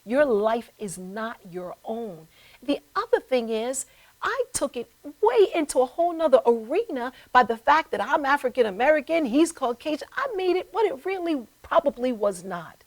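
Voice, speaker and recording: A middle-aged woman host relates a personal story in an animated way. Her voice sits fairly high and moves over a wide range of pitch, acting out the voices as she goes. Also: normal speed, poor audio. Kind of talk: storytelling talk. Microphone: live stream.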